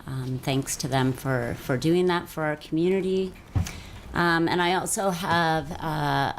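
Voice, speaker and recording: Earnest, low-voiced woman councillor. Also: a little hiss or hum. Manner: earnest, halting with fillers. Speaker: city councillor. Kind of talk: council meeting speech.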